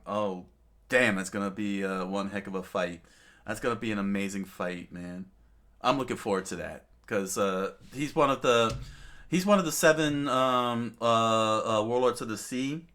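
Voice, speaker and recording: A middle-aged man with a fairly low, fairly bright voice talks at a moderate pace about a comic. He hosts a channel reading and commenting on manga, and his delivery rambles, with plenty of fillers, restarts, and asides like "you know what I'm saying."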